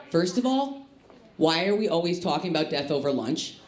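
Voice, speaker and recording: A woman from the Chicago area doing a stand-up comedy set on a club stage, with a punchy, lively delivery. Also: deep voice, moderate pace. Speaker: stand-up comic. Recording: live club with echo and crowd laughter. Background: laughing audience.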